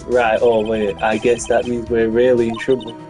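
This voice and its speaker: A young defense attorney frets over a hopeless case in a glum voice, as a man reads him out. He speaks at a middling pitch. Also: completely flat delivery, normal speed, darkish tone, soft background music, natural voice. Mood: worried.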